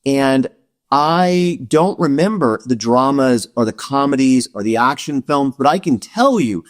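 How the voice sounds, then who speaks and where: A man's voice: medium pitch, expressive, a little slow. A man hosting a podcast, asking his guest questions in casual chat, earnest and hesitant with many fillers. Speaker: podcast host.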